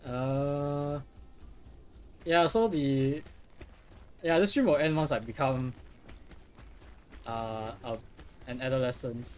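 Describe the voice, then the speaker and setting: A man's voice: medium pitch, slow, pauses often, darkish tone, slight background noise. A young man streaming a game, chatting casually in a rambling, profane way with lots of restarts. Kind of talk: casual live gameplay commentary.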